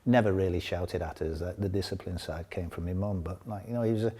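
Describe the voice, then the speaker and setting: An older man tells long, rambling football stories in a relaxed interview. His voice sits low, and he often breaks into laughter between his tales. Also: quick pace, breathy edge. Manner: rambling anecdotes with frequent laughter. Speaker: interview guest, former footballer. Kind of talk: casual storytelling interview.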